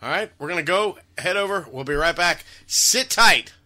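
A man's voice: fairly high pitch, quick pace, pushed and bright. A man hosting a casual comedy chat show, joking crudely with his co-host.

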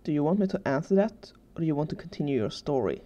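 A woman voicing a sullen, weary teenage boy in a storybook reading, with a flat, indifferent delivery. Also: deep voice, fast. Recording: dull lo-fi recording.

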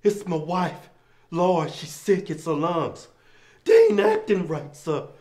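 A man's voice: high-pitched, wildly swooping pitch, measured pace, mellow, pitched below the performer's own voice, exaggerated voice. A man doing a meek pleading husband. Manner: breaks into laughter over and over. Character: pathetic pleading husband begging for his sick wife. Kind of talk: comedy sketch outtakes. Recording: noisy set recording.

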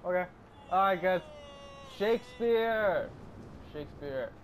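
A young man giving casual, profane gameplay commentary who often shouts excitedly. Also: mid-range voice, normal speed, slight background noise.

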